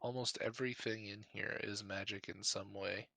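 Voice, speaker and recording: A man running a tabletop game with a bright, forward voice. He describes scenes in a loose, swearing, joking manner. The sound is dry and close. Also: fairly low pitch, fairly even intonation, moderate pace, vocal fry, no room sound. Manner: casual, swearing, laughing. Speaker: game master.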